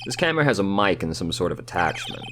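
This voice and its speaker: A man voicing a calm, dry young male defense lawyer in a low-key manner. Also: fast talker, background noise.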